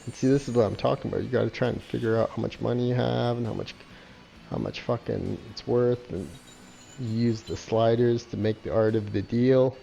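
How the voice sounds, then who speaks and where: The man's voice is mid-range, creaky and dark, with fairly even intonation at a normal speed and a little hiss or hum in the audio. Playing and reviewing a game, he gives casual, sarcastic commentary loaded with swearing and mocking laughs.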